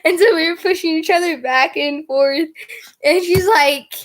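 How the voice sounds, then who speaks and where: A young woman with a notably high voice chats on camera in a loose, rambling storytime style. She giggles often and strings her story together with filler words, keeping it casual and unpolished. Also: normal speed. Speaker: vlogger.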